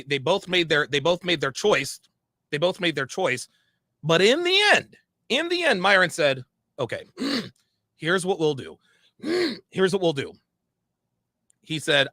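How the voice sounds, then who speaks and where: A man's voice: on the high side, bright, forceful tone, dry recording, studio quality. A man telling a story about a past dispute, emphatic and full of repeated phrases and restarts. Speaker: podcast guest recounting a story. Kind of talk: animated storytelling.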